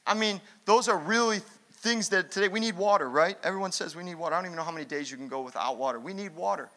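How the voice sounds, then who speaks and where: A man's voice: high-pitched, fast, pushed and bright. A man preaching a fired-up sermon as pastor, emphatic and repetitive.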